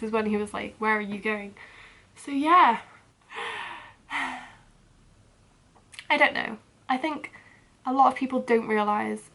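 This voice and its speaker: A young woman tells a story to her own camera in a loose, rambling rant. Her voice sits a little high, and nervous laughs keep slipping in. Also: fairly bright tone. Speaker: vlogger.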